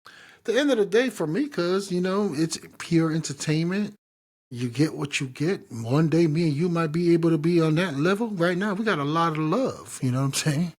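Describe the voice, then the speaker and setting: A man co-hosting a podcast in casual chat, telling stories in an animated, slangy, profane way. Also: fairly high pitch, normal speed. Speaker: podcast co-host.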